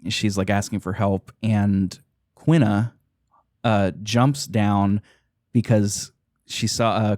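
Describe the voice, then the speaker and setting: A man's voice: lowish voice, mellow, no room sound, clean studio sound. A man hosting a podcast, casually retelling a game's story, laughing often and swearing now and then. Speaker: podcast host.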